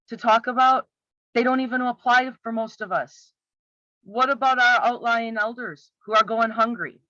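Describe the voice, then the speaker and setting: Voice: mid-range voice, bright, forceful tone, no room sound. A commentator picking apart a campaign video with exasperated, sarcastic rhetorical questions. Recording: slightly muffled, dry.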